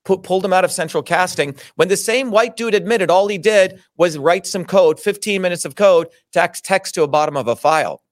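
A man's voice: high voice, a little fast, few pauses, dry recording, studio quality. A middle-aged man telling his own story in an interview, indignant, emphatic and full of swearing. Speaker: interview guest. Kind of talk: heated personal storytelling.

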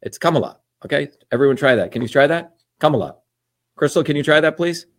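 An older man from India talks in a combative, emphatic run. His pitch sits a touch high, and he hammers the same points again and again. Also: quick pace. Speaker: podcast host and candidate. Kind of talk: casual political monologue.

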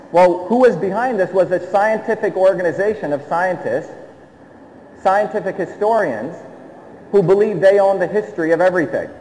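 A man's voice: high-pitched, darkish tone, a little hiss or hum. A middle-aged man from India giving a public talk, emphatic, who keeps checking in with the audience through rhetorical questions. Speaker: speaker addressing an audience. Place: hall with an audience. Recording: long hall reverb.

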